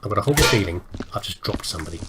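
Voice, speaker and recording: A man's voice: on the low side, expressive, racing, very noisy. A British man chatting his way through a video game, rambling and poking fun at himself as he plays. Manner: chatty, self-deprecating, talks to himself while playing. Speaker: let's play host. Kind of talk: rambling gameplay commentary.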